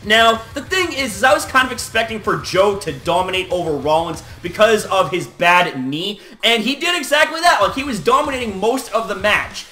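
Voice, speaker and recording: A man with a very high, bright voice rants through a casual wrestling recap. He talks in lively swings of pitch, swears freely and laughs in disbelief. The sound is roomy and echoey.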